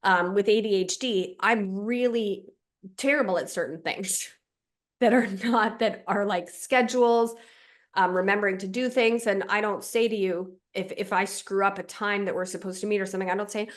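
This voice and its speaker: Brief: female relationship coach, podcast talk, reflective, medium pitch, lays things out step by step. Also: fairly even intonation, normal speed. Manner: reflective, explains with examples and checklists.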